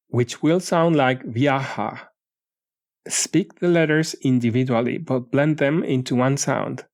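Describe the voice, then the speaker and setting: A man reading a beginner language lesson as an audiobook, in a measured, deliberate way, saying foreign words and then their meanings. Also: mid-range voice, a little mellow. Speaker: audiobook narrator. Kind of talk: scripted language-lesson narration.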